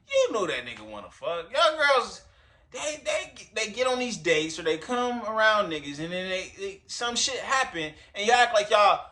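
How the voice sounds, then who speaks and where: A man's voice: high voice, big pitch swings, moderate pace, bright, forceful tone. A man doing casual reaction commentary to camera, rambling and profane, talking straight to his viewers. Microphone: recording himself on camera.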